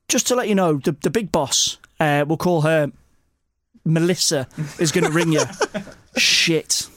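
A man telling a story as a podcast guest, animated, with many repeats and restarts. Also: on the high side, no echo, clean studio sound.

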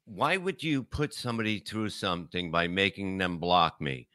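A man's voice: deep voice, animated, normal speed, bright, forceful tone, dry recording, clean studio sound. A man co-hosting a podcast, talking in crude, profane casual banter. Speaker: podcast co-host.

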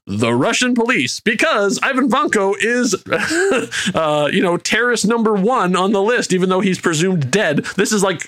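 A man recaps a movie for his podcast in a loose, rambling way. His voice sits a little high and jumps around a lot as he talks, stopping and restarting with plenty of fillers. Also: fairly bright tone. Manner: rambling, full of fillers and laughs. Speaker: podcast host. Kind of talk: casual film recap chat.

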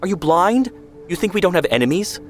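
A man voicing an angry, mocking young man who shouts at his brother. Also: on the low side, brisk, faint music behind, lightly acted. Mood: shouting.

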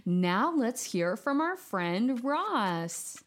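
Playful, high-voiced woman hosting a kids' show. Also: drawn-out words, a little hiss or hum. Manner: playful and expressive, acts out jokes. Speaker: children's podcast host. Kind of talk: storytelling and jokes for children.

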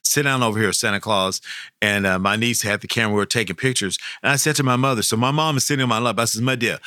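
A man's voice: lowish voice, fast talker, no room sound, studio quality. A middle-aged man, telling folksy, rambling stories in an interview. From Arkansas. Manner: folksy, rambling, warm storyteller. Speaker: professional Santa Claus guest. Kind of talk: storytelling interview.

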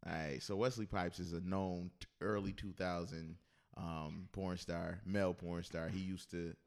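A man's voice: low voice, flat delivery, unhurried. A man hosting a casual podcast chat, joking around, laughing and reading out quotes. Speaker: podcast host.

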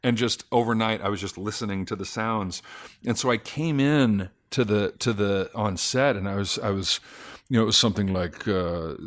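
A man's voice: on the low side, normal speed. A man from Sacramento, an actor guest on a podcast, telling stories animatedly with many restarts. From Sacramento, California. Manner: animated storyteller, frequent restarts, does voices. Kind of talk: casual podcast interview.

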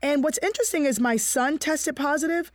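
A middle-aged woman telling a personal story in casual chat, animated and acting out the voices of the people she quotes. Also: sits high, a little fast, no room sound. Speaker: guest sharing a personal story.

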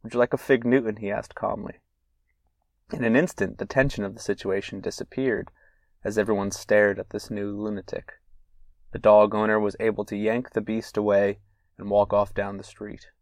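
A man's voice: lowish voice, little pitch movement, moderate pace, no echo. A man hosting a solo podcast, reading old letters and anecdotes aloud with casual asides and fillers. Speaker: podcast host.

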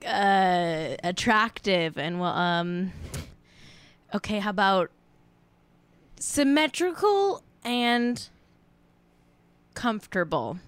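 A woman's voice: mid-range voice, animated, very slow, pauses often, clean tone. A woman hosting a casual live-streamed show, joking around and riffing playfully. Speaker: show host.

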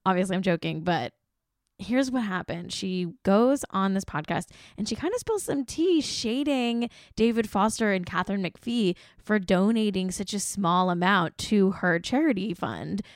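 A woman's voice: mid-range voice, lively intonation, normal speed, no room sound, clean studio sound. A woman hosting a casual pop-culture podcast, chatty and gushing, laughing often between remarks. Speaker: podcast host.

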